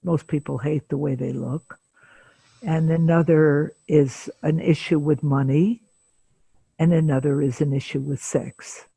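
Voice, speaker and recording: A woman in her seventies, a psychotherapist, telling a case story slowly and deliberately in an interview, with frequent pauses. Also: low-pitched, steady tone, vocal fry, warm tone, husky, no echo. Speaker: psychotherapist guest.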